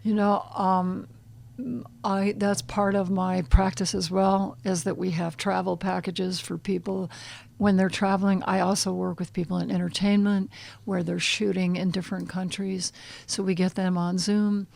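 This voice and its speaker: Speaking at normal speed with a level tone, medium pitch and vocal fry, a middle-aged woman counsels on animal communication in a podcast interview. She guides softly and at times lowers her voice to a hushed near-whisper.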